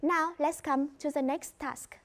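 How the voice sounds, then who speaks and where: A woman with a Vietnamese accent teaching an English reading lesson in a clear, instructive way. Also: high voice, fairly even intonation, unhurried. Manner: clear, instructive, mixes in explanations in her first language. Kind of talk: classroom lesson.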